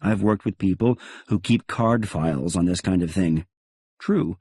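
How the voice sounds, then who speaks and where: Husky guy reading an audiobook, wry and chatty, low voice, dry sound. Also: measured pace, warm tone, no echo. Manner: wry, conversational storytelling. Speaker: audiobook narrator. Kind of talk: first-person audiobook narration.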